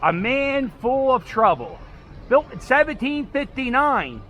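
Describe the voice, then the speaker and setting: A man's voice: very high voice, very animated, a little slow, highs cut off, slight background noise. A man rambling and joking as he walks his dog outdoors through city streets, filming as he goes. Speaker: vlog host walking his dog. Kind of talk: casual walking commentary.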